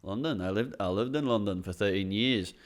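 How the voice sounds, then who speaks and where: A man's voice: lowish voice, brisk. A male comedian co-hosting a podcast, casually narrating a trip step by step. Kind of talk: casual chat.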